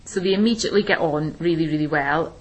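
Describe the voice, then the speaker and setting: A woman teacher explaining a play in a relaxed discussion, with plenty of ums and restarts. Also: low-pitched, quick pace, low-quality recording. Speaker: English teacher. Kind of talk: recorded literature lesson discussion.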